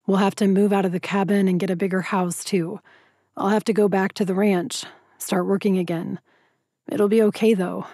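A woman's voice: medium pitch, level tone, normal speed, warm tone, no echo, clean studio sound, lightly acted. Woman voicing a nervous bear-shifter rancher. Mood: nervous, tender. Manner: rambling nervously.

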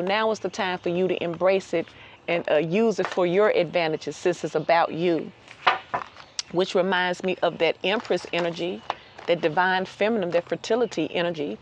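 A woman giving a casual outdoor tarot reading, lively and chatty, laughing often and repeating phrases for emphasis. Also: lowish voice, moderate pace, slight background noise. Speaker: tarot reader.

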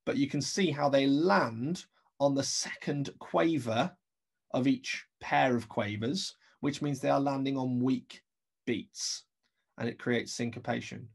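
A man with an English accent teaching a recorded remote music lesson. His voice is gravelly and a little husky, and he explains each point step by step, counting beats aloud as he goes. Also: mid-range voice, a little slow.

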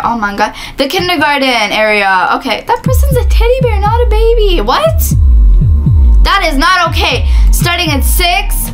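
A woman hosting a gameplay video, talking excitedly through the game and breaking into screams and laughter. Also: high-pitched. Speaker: gaming video host. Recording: steady background noise with keyboard clicks.

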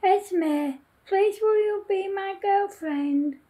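A woman's voice: very high voice, takes it slowly, dark tone, voice pushed up. A woman voicing a sulky, lovesick schoolboy who pleads and complains.

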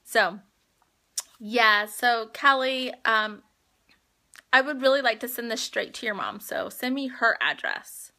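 A woman's voice: a little high, lively intonation, slow, pushed and bright. A woman hosting a live phone stream, chatting heartfelt and rambling with viewers as she announces giveaway winners. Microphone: phone livestream.

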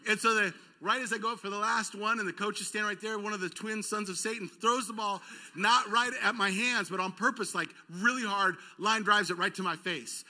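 Bright, high-voiced man preaching. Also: fairly quick. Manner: self-deprecating, animated, acts out quoted voices with cries and shouts. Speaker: pastor. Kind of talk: storytelling sermon. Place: church auditorium.

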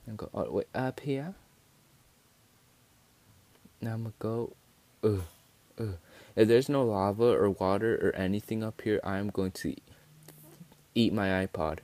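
A man's voice: low-pitched, a little mellow. A man giving casual, rambling gameplay commentary, easily exasperated and swearing freely. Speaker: gaming video creator.

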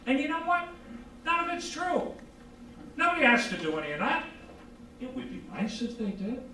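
A man giving an informal psychology lecture, animated, asking rhetorical questions and answering them himself. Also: very high voice. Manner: acts out quoted dialogue. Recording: very echoey room from far off.

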